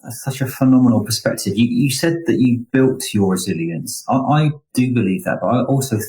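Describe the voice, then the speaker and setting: A man's voice: medium pitch, a little fast, dark tone, poor audio. A man hosting a podcast interview, affirming his guest enthusiastically and restarting his questions. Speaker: podcast host. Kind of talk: interview conversation.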